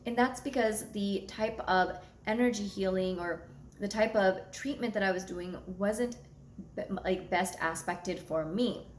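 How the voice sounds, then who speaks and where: A woman's voice: mid-range voice, unhurried, slight background noise. A woman speaks in an ordinary mid-range voice, candid and conversational as she addresses her audience. She is blunt and swears without hesitation. Her voice bounces around a roomy, echoey space. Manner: frank and blunt, swears freely. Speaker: astrology content creator. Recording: echoey room.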